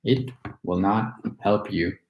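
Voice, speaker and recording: A man's voice: lowish voice, takes it slowly, slight background noise, pitched below the performer's own voice. A man reading the lines of a wicked old witch who scolds and gives orders impatiently. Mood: scolding. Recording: roomy echo.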